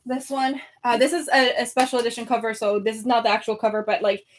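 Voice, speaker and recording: A woman's voice: fairly high pitch, little pitch movement, quick pace. Breathless young woman chatting on a livestream. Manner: breathless, chatty, many fillers and restarts. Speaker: book vlogger livestreaming. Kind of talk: casual livestream chat. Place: home room by her bookshelves.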